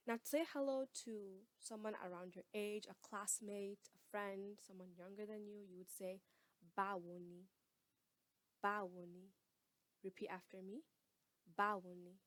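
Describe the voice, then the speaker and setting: A woman teaching a casual spoken language lesson, patiently repeating each word slowly for learners. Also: mid-range voice, fairly even intonation, no echo.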